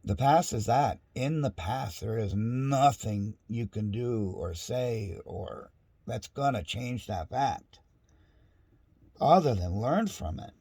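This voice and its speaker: A man's voice: mid-range voice, animated, slow, mellow, slightly rough, no room sound. A middle-aged man in a casual, rambling monologue at home, frustrated and restarting often. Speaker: vlogger. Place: home with dogs nearby.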